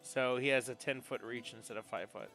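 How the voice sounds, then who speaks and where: A man's voice: medium pitch, fairly even intonation, brisk, fairly bright tone, soft background music. A man running a tabletop role-playing game as game master, describing scenes to the players.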